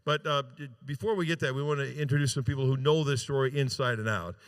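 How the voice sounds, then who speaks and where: A man's voice: mid-range voice, fast. A man working as a charity auctioneer at a gala, calling bids live into a handheld mic and coaxing bidders with joking banter. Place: large gala event room.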